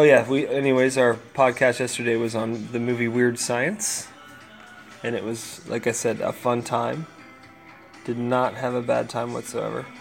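A man's voice: mid-range voice, creaky. A tired man hosting a casual solo podcast from home, rambling and easily distracted. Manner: rambling, distracted, talks to his cats. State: tired, yawning. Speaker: podcast host.

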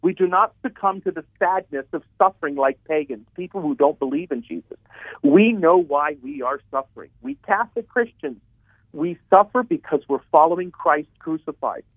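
A man's voice: a little high, lively intonation, normal speed, dry recording. A man, a Catholic priest, speaking earnestly about faith and often repeating his words as he goes. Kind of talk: radio talk on faith. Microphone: telephone. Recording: tinny phone line.

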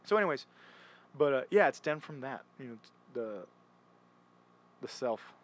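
A man's voice: medium pitch, sing-song, normal speed, a bit bright. A young man chatting casually, rambling and restarting often as he retells stories. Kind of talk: casual chat.

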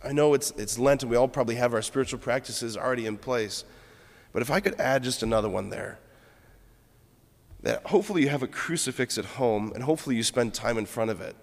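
A Catholic priest delivers a homily in a mid-pitched voice, speaking earnestly and reflectively as he tells stories from his own life. His words ring out with a long church reverb trailing after them. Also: fast talker.

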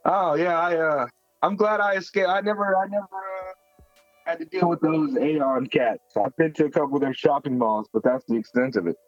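A man's voice: on the high side, normal speed, no echo, faint music behind. A man co-hosting a podcast in casual chat, wry and joking, tripping over his starts. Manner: wry, joking, stumbling restarts. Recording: dull lo-fi sound.

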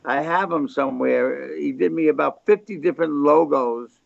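A man's voice: fairly high pitch, moderate pace, dry recording. An older man, a record label founder, telling rambling anecdotes as a guest in a casual interview. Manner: rambling anecdotes, gravelly chatty delivery. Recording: slightly muffled dry recording.

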